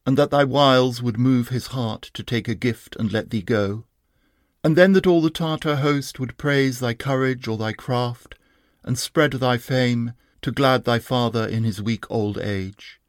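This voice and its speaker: A man reading a proud, bitter old warrior lord's speech in a slow, measured, archaic declaiming manner. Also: medium pitch, gravelly, no room sound, clean studio sound. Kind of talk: poetry reading.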